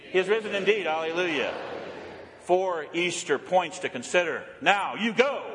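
A man's voice: high-pitched, a bit bright, big-room sound. A man preaching a sermon as pastor, building emphasis through repeated phrases. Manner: preaching with repetition and rising emphasis. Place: church.

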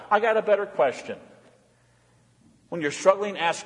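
A male pastor delivering an emphatic sermon in a church, repeating refrains and moving between loud appeals and quiet, hushed lines. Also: sits high, moderate pace, big-room sound.

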